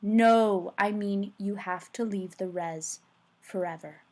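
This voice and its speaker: A woman reading aloud, voicing an earnest, urgent middle-aged male teacher in a slightly lower, softer, halting voice. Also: natural voice.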